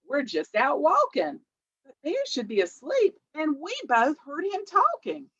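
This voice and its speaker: Brief: woman reading a friendly hare, bright and chatty, dull lo-fi recording. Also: high-pitched, wildly swooping pitch, a little slow, dry recording, voice pushed up, heavily acted. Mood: cheerful. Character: cheerful male hare out walking. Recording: dull lo-fi audio.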